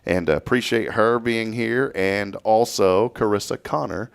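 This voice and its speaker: A man's voice: fairly low pitch, unhurried, gravelly, smooth. A man with a Texan accent hosting a casual morning radio show, folksy and joking with his guests.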